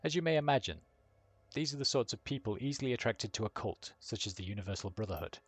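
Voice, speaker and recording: A man's voice: fairly low pitch, animated, quick pace, husky, dry recording. A man voicing a flamboyant painted elf who lectures in a breezy, wry way.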